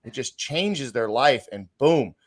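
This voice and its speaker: Man hosting a panel, halting delivery. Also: mid-range voice, animated. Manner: halting, many restarts. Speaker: podcast host. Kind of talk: casual panel discussion.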